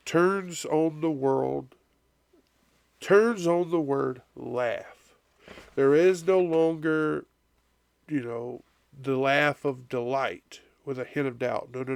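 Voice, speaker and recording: A man's voice: on the high side, creaky, dry recording. A man preaching a conversational Bible-study sermon as pastor, often checking in with his listeners with "right?", and sounding congested with a cough. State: congested, coughing and blowing nose.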